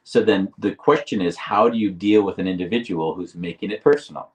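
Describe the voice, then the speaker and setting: Deep-voiced guy co-hosting a live chat, slow and deliberate, kinda far from the mic. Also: darkish tone, muffled recording. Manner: deliberate, restarts phrases, slows for emphasis. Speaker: podcast co-host. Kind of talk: reflective conversational explaining.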